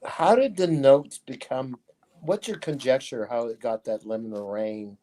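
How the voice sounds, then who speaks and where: A man on a casual video call, asking curious questions in a soft, trailing way. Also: medium pitch, normal speed, poor audio.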